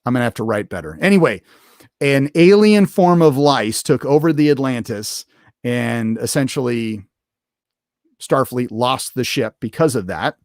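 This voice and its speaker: A man's voice: mid-range voice, lively intonation, normal speed, a little mellow, no room sound, clean studio sound. A man hosting a show, recapping an episode in casual unscripted talk, rambling with many fillers and restarts. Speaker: podcast host reviewing an episode.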